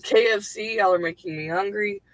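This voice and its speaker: A woman's voice: medium pitch, a little fast, a loud crowd, rough recording. A woman hosting a casual livestream from her home computer on a headset, rambling loosely with lots of fillers and the odd swear word. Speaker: livestream host and writer.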